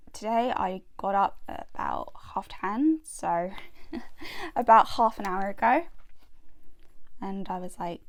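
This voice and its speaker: A woman talks her way through a relaxed crafting session, chatty and rambling. Her pace is slow and unhurried, full of ums and small laughs as she works. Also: medium pitch, vocal fry. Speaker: crafting vlogger. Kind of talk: casual chat while crafting.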